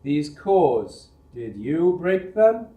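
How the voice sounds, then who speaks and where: A man's voice: on the high side, big pitch swings, drawn-out words, muffled recording, pitched above the performer's own voice, heavily acted. A man playing a sarcastic angry foreman. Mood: stern demanding. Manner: sarcastic, demanding. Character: stern angry male foundry foreman. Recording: roomy echo.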